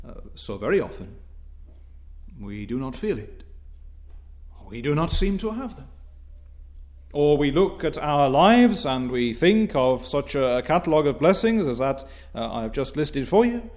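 A man preaching a sermon in formal, old-fashioned wording, dropping to soft low asides and climbing to stressed, emphatic phrases.

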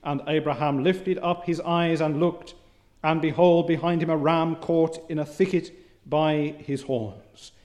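A man preaching a sermon, reading scripture in old biblical wording, with emphatic rises and quiet drops. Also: a little high, fairly even intonation, a little slow.

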